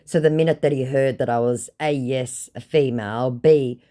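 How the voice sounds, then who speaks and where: A woman's voice: extremely low pitch, fairly even intonation, normal speed, dark tone. An Australian woman casually recounting a story in a blunt, sarcastic way, swearing freely. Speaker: scam-baiting channel host.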